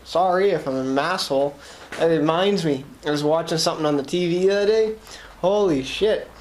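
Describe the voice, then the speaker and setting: A man's voice: fairly high pitch, a little fast, a little mellow, a little hiss or hum. A young man with a Boston accent chatting casually to camera from his shop, rambling and swearing as he jokes. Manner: rambling, profane, jokey. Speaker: vlogger.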